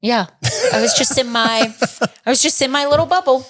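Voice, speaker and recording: A fairly high-pitched woman with a Chicago-area American accent tells a story on a casual podcast. She jumps her voice up to act out each quote and laughs as she talks. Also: moderate pace. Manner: animated, acts out quotes with big pitch jumps, laughs while telling. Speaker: podcast co-host.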